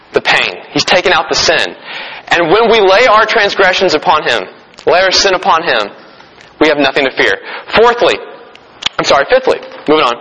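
A man's voice: on the high side, sharp tone, big-room sound, a little hiss or hum, rough recording. A man preaching a sermon in a casual, conversational way, joking with his listeners. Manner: conversational, jokes with the audience.

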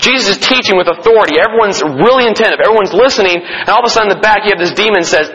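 A man's voice: high voice, lively intonation, rapid-fire, few pauses, a bit bright. A man preaching a sermon to a congregation, talking conversationally and emphatically as he teaches from the Bible. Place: meeting room or church. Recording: dull lo-fi sound with long hall reverb.

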